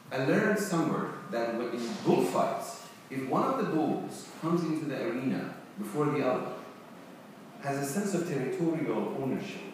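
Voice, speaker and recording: A middle-aged man from Iran with a Persian accent, giving an emphatic academic conference talk, often pausing on "uh". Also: mid-range voice. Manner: emphatic, hesitant with frequent uh fillers. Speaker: conference panelist. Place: large conference hall. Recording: echoey hall, distant mic, faint noise.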